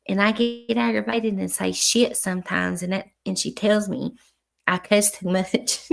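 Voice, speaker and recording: A middle-aged woman talking slowly and unhurriedly to her livestream viewers. Her voice is heavily gravelly with vocal fry. She speaks frankly, cusses freely and stumbles over restarts. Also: mid-range voice, fairly even intonation. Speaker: livestream host. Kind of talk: casual livestream chat with viewers.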